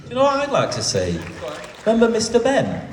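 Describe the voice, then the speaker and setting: A man's voice: sits high, huge pitch swings, brisk, a faint crowd. A man hosting a convention panel, rambling playfully and nostalgically. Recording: echoey hall from far off with noise.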